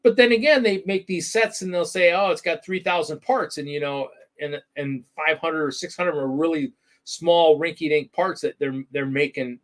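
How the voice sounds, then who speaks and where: A man's voice: on the high side, moderate pace. A middle-aged man hosting a weekly hobby talk show, chatting casually in a loose, rambling way and often restarting his sentences. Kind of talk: casual livestream chat.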